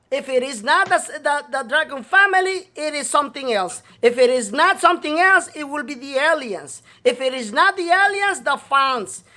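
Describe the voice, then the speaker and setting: A man's voice: very high voice, bright, forceful tone. A male talk show host delivering a profane, scolding rant, repeating himself to hammer his point home. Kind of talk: ranting talk show monologue.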